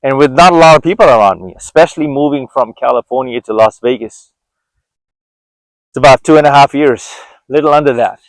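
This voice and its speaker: A man's voice: mid-range voice, a little fast, dry recording, low-quality recording. A man in his forties giving an earnest, reflective walk-and-talk monologue outdoors, often restarting his sentences. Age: 40s. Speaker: vlogger.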